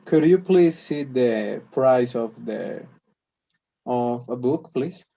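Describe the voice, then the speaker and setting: A man practices polite requests in an English lesson, restarting and searching for words as he goes. His voice is mellow and relaxed. The audio is dull and lo-fi. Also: medium pitch, takes it slowly, vocal fry. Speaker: English student.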